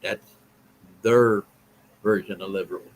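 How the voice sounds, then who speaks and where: A man's voice: fairly low pitch, steady tone, measured pace, poor audio. Blunt sounding man on a live stream. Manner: blunt, repetitive, reads and answers chat. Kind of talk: political commentary live stream.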